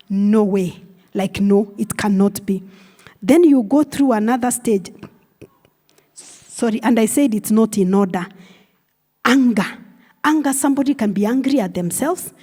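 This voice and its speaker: A woman's voice: mid-range voice, darkish tone. Kenyan woman preaching in reverberant church. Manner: conversational, explanatory teaching tone. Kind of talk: sermon. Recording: long church hall reverb.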